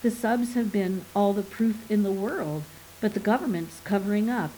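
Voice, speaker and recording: A woman's voice: mid-range voice, moderate pace, mellow, a little hiss or hum, close to an everyday voice, poor audio. A woman voicing an eager man who keeps improvising wild theories, in an audiobook reading.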